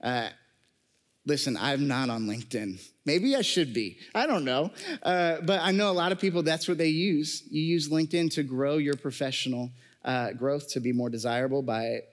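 A man's voice: a little high, normal speed, in a large hall. A man giving a casual, conversational sermon to a live congregation, joking and using lots of fillers.

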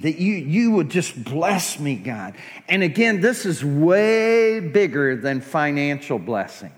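Fervent preacher in a reverberant hall. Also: male voice, fairly high pitch, very animated, takes it slowly. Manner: impassioned, rising to fervent pleading prayer. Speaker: pastor. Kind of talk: sermon. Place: church sanctuary.

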